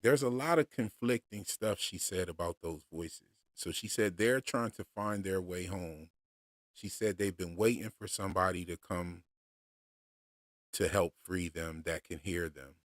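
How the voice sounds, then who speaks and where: Deep-voiced, slow-talking male livestreamer. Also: no echo, studio quality. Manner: relaxed, unhurried, with many fillers and restarts. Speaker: streamer discussing show theories. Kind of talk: casual livestream chat.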